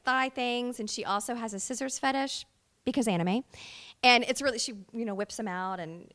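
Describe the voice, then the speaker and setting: A woman voice actress being interviewed at a fan convention. She talks in a rambling, animated way, with lots of fillers and restarts. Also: on the high side. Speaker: voice actress guest.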